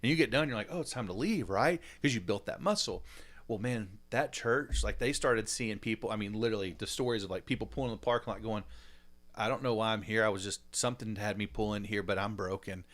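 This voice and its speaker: A man, a pastor hosting a podcast, talking in animated, rambling casual chat with frequent laughs and fillers. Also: fairly low pitch, fast.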